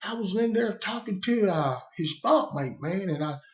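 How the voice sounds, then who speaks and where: A man puts on a rattled Southern inmate who has just been slapped, his voice climbing high and complaining. The accent is Southern, and the sound carries a roomy echo. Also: lively intonation, moderate pace. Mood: shaken. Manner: shaken, complaining.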